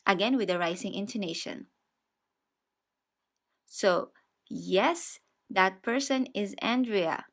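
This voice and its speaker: Woman, language teacher, patient explanations, very slow pace, mid-pitched voice, step-by-step lesson. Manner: patient and explanatory, repeats example sentences slowly.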